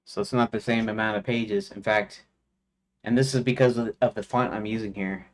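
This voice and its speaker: His pitch fairly low and his intonation fairly even, a game developer talks at a moderate pace while streaming his work. He thinks out loud, restarts himself, and counts quietly as he goes.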